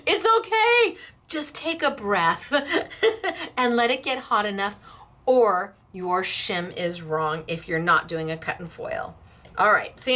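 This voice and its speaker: A woman's voice: medium pitch, sharp tone. A woman hosting a casual craft demonstration, chatty and upbeat, laughing easily as she works. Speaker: craft shop host.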